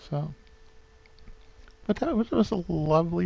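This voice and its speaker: New england guy in his 50s rambling into his camera at home, super gravelly, sentimental, muffled lo-fi sound. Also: high-pitched, lively intonation, moderate pace, long pauses. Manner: rambling, full of fillers and restarts; sentimental, gets openly emotional. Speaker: vlogger. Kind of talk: rambling casual vlog.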